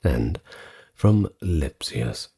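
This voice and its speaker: A man with an extremely deep, gravelly voice recites ancient scripture slowly and solemnly. His soft-spoken ASMR delivery is breathy and husky. Each archaic line is measured out with care. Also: big pitch swings. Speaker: ASMR narrator reading ancient texts.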